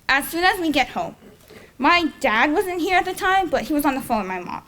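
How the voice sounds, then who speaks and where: High-voiced young woman telling a story. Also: very animated, fairly quick, fairly bright tone. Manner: rambling, self-correcting, chuckles at her own story. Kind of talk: personal story told on stage. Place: live storytelling event before an audience. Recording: faint noise, live event.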